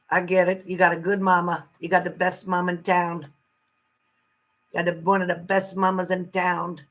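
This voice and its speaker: A woman's voice: on the low side, a bit bright, poor audio. A woman giving a casual live-stream tarot card reading, chatty and salty, greeting viewers fondly and swearing freely.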